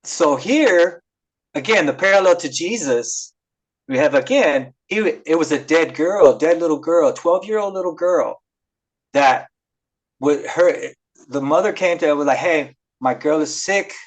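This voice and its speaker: A man's voice: on the high side, expressive, a little slow, poor audio. A man casually retelling Bible stories on a podcast, reading verses and paraphrasing them with lots of fillers. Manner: retells scripture loosely with many fillers and acted quotes. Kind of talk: casual chat.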